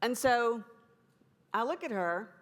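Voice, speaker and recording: A woman's voice: on the high side, expressive, slow pace. A woman giving a conference talk, telling a story in a folksy, humorous way. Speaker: conference speaker.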